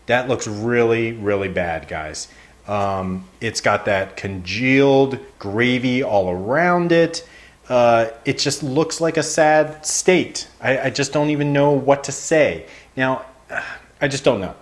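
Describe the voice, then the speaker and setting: A man hosting a casual food review show, talking straight to his viewers. He is wry and playfully exasperated. His voice sits at an ordinary middle pitch for a man. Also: takes it slowly.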